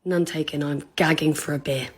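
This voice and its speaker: A woman voicing a dry, deadpan middle-aged dad in a comedy sketch. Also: sits low, normal speed, pitched below the performer's own voice, close to an everyday voice.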